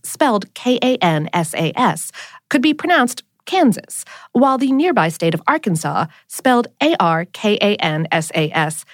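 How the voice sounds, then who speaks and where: Lively woman hosting an explainer podcast. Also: fairly high pitch, dry recording, studio quality. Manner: lively, wry scripted delivery. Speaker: podcast host. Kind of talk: scripted explainer narration.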